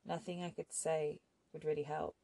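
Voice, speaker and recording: A woman reading an audiobook voices a calm, resigned young man who speaks softly and never raises his voice. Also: deep voice, moderate pace, vocal fry, no echo. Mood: sorrowful. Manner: soft-spoken, never raises voice.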